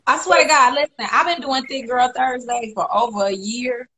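A woman's voice: high voice, steady tone, moderate pace, fairly bright tone. A woman hosting a radio interview, asking questions and enthusiastically cheering her guest on. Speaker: radio host.

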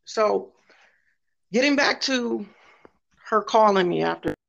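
Animated woman telling a story. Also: medium pitch, slow, vocal fry, muffled recording. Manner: animated, keeps repeating "I said". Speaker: caller telling a workplace story. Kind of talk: casual storytelling.

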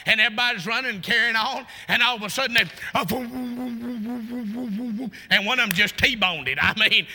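A man preaching a sermon in a fervent, folksy way, climbing to shouts and breaking into laughing asides. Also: extremely high pitch. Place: church sanctuary. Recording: long church reverb.

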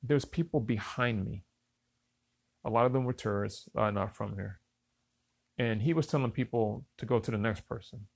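A middle-aged man casually telling a personal story in a relaxed, conversational way, talking straight to his listeners. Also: lowish voice, normal speed, vocal fry, long pauses, no echo. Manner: relaxed, conversational, addresses listeners as y'all and fellas.

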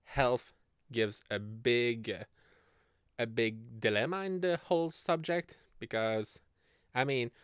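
A man's voice: mid-range voice, slow, a bit bright, smooth, no echo, clean studio sound. A man in his twenties hosting a casual solo podcast, rambling and giggling as he talks. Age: 20s. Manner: rambling and giggly, laughing often mid-sentence. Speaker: podcast host.

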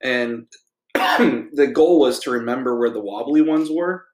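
A man co-hosting a podcast, casually chatting through a TV episode in a relaxed, rambling way with frequent ums. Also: mid-range voice, measured pace. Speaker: podcast co-host. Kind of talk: casual chat reviewing a TV episode. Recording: echoey room.

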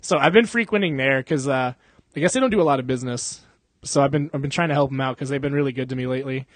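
A young man hosts a podcast in a loose, chatty way, rambling, swearing and laughing a lot. His voice sits at medium pitch and moves quickly, recorded with no echo.

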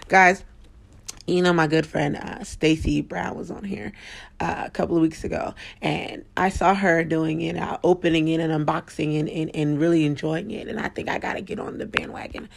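An excitable woman hosting a casual podcast, chatting with lots of fillers. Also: low voice, moderate pace, gravelly. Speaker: podcast host.

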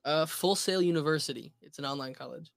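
A man's voice: fairly high pitch, fast, creaky, fairly bright tone, no room sound. A man in his twenties as a podcast guest, laid-back with crude humor. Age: 20s. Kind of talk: casual podcast interview.

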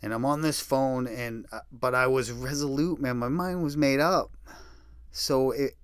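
A middle-aged man hosting a podcast, telling a personal story in a halting, soft-spoken way, with many pauses, and emotional. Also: medium pitch, smooth, no room sound, clean studio sound. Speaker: podcast host.

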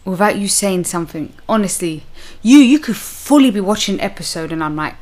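A woman's voice: medium pitch, fast talker, darkish tone. A British woman, co-hosting a podcast in blunt, teasing casual chat. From Britain. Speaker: podcast co-host.

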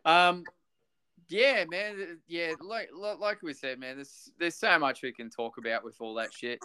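A laid-back man co-hosting a casual film podcast, his voice sitting a bit high for a man. He laughs easily and swears casually. His chat stays loose and friendly. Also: unhurried, pushed and bright, clear, resonant tone. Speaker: podcast co-host.

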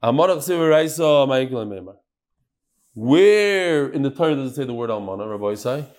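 A man's voice: medium pitch, expressive, moderate pace, darkish tone. A man teaching a Talmud class, reading the text in a sing-song lilt and questioning his students.

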